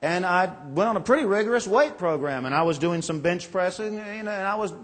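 Pastor guy in his 40s preaching, kinda high voice, folksy and jokey, big echoey sanctuary. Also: lively intonation, brisk. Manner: folksy, self-deprecating storytelling. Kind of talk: sermon. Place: large church sanctuary. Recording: long reverb in a church.

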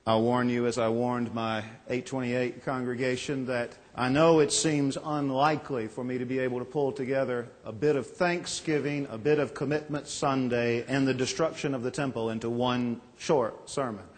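A man's voice: mid-range voice, fairly even intonation, normal speed, few pauses. A man in his forties, a pastor preaching a sermon, telling stories in a folksy, self-deprecating way. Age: 40s. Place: large church sanctuary. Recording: long reverb in a church.

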